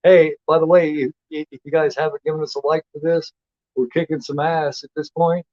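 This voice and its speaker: A man's voice: a little high, level tone, moderate pace, a little mellow, no echo. A man co-hosting a casual film review livestream, retelling scenes in a rambling way with many fillers and restarts. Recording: dull lo-fi dry sound.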